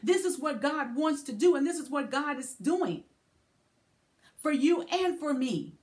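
A woman preaching a sermon in a measured, repetitive way, breaking into spoken prayer. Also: sits high, lively intonation, darkish tone.

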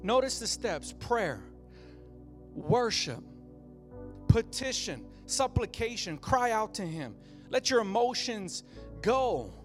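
A man's voice: high-pitched, very animated, slow pace, pauses often, soft background music. A man, a pastor with a young child, preaching a sermon with a passionate, repetitive cadence that builds phrase by phrase.

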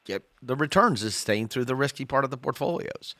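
A man co-hosting a call-in money radio show, explaining investment and insurance advice in a steady, measured way. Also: mid-range voice, no room sound. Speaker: financial radio show co-host.

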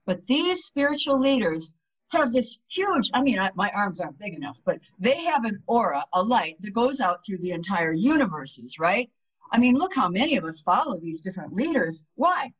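A woman guest on a podcast, talking casually about spirituality and telling stories, and she acts out the voices of the people in them. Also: mid-range voice. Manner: animated storyteller, acts out quoted voices. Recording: dull lo-fi sound.

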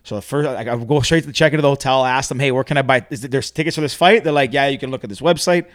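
A quick-talking man from Canada tells a story with lively energy, his voice at an ordinary pitch. The sound is close and dry, with no room around it. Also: no echo. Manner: animated storyteller. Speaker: podcast host. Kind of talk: casual podcast chat.

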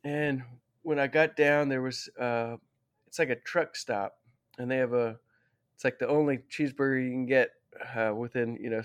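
A man's voice: medium pitch, clean tone. Man, interview guest, casual storytelling, rambling, self-correcting, heartfelt.

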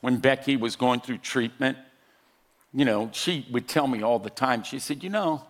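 An older man preaches a sermon in an ordinary mid-range voice. He tells stories with humor, then builds to loud, urgent exhortation that calls the crowd to respond. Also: medium pitch, fairly even intonation, normal speed. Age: 60s. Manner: storytelling with jokes, rising to loud exhortation. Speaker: pastor.

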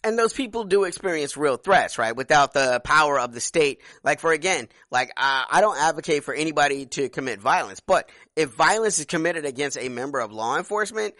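An animated man holding forth in a casual political chat, emphatic and loose with profanity. His voice comes through bright and forceful. It sounds dry and close, with no room around it. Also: fairly high pitch, a little fast, hardly any pauses, no echo. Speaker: podcast co-host.

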